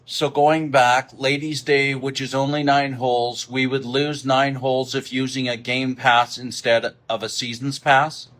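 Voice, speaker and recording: Meeting attendee: a man, steady and flat, asking matter-of-fact questions. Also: medium pitch, a little slow, hardly any pauses. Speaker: remote attendee relaying questions.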